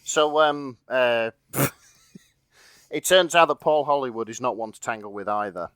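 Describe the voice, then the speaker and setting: A man co-hosting a podcast, rambling through a story with lots of fillers, laughter and swearing. His voice sits at a middling pitch. The sound is dry and close, with no room echo. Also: unhurried, a bit bright, smooth, faint music behind. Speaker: podcast co-host reading fan fiction. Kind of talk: casual chat.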